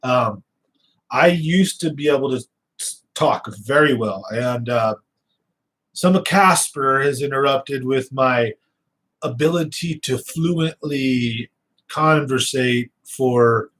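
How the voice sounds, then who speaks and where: A man's voice: mid-range voice, slow, fairly bright tone, low-quality recording. A man hosting a fishing channel, chatting casually and telling stories in a loose, rambling way with fillers, restarts and a slight lisp. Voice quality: slight lisp, sometimes gets stuck on words.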